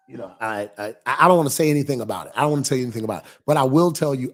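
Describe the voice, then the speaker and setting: A pastor with a medium-pitched, gravelly, slightly rough voice chats casually on a livestream, reading viewers' comments aloud and responding. He's lively at times, then drops to near whispers.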